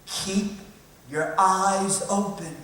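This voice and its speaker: A man's voice: high-pitched, fairly even intonation, very slow, fairly bright tone. A man with a Southern US accent, a priest giving a sermon in a folksy storytelling manner. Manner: folksy storytelling with acted quotes. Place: large church. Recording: echoey church, voice from far off.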